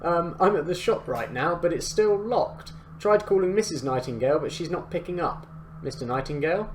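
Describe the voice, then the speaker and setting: A man's voice: a little high, animated, normal speed, a little hiss or hum, natural voice. A man voicing a nervous, apologetic young male shop worker, talking in a fretful rush. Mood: anxious. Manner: anxious, fretful.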